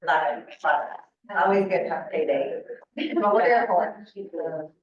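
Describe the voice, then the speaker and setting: A hoarse woman leading a casual team meeting, upbeat and chatty. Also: on the low side, measured pace. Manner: upbeat, chatty, laughs often. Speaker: meeting leader. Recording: distant, muffled, echoey room recording.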